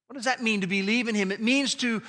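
A man preaching a sermon, slowing down and stressing key phrases with emphatic delivery. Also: sits high, bright, forceful tone, big-room sound. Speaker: pastor.

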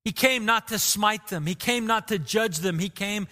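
A man's voice: sits high, moderate pace, bright, forceful tone, big-room sound. A man preaching a sermon as pastor, earnest and emotive, repeating phrases for emphasis.

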